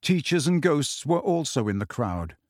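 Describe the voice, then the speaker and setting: A man reading a novel aloud in scripted narration with expressive storytelling. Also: fairly high pitch, normal speed, no echo, studio quality. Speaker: audiobook reader.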